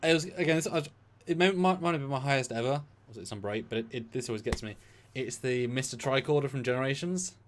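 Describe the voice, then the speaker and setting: A man's voice: mid-range voice, quick pace, a little hiss or hum. A man co-hosting a casual live stream, rambling and restarting his sentences. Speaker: podcast co-host.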